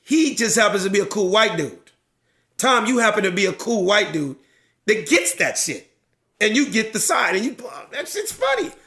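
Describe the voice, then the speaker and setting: A middle-aged man, a stand-up comedian, talks through his act in a loose podcast conversation. His voice sits a little high and rings bright and forceful. He performs the crowd and himself in quick voices and swears freely. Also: animated. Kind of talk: casual podcast chat, retelling a stand-up bit.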